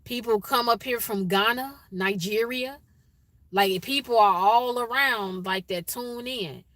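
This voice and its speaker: A woman's voice: a little high, a little slow, a bit bright, no room sound. A woman with a Chicago accent hosting a casual livestream, chatting with viewers and greeting them by name. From Chicago, USA. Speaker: livestream host.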